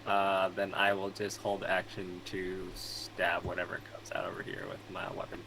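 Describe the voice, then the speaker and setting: A man's voice: sits low, flat delivery, moderate pace, gravelly, noisy background. A man playing a tabletop game over voice chat, methodically counting out his moves. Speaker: player.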